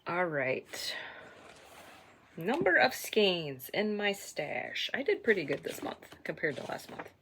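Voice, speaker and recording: Chatty low-voiced woman knitting vlogger. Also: sing-song, slow pace, a little hiss or hum. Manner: chatty and self-deprecating, trailing off into soft asides. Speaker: knitting podcast host. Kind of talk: casual stash-tracking chat.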